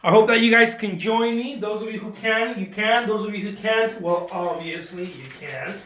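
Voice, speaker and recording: A chatty man with a fairly high, bright voice talks through an art demonstration. He jokes and boasts in a playful, self-mocking way. The sound rings a little in an echoey studio room. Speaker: artist hosting a drawing demo.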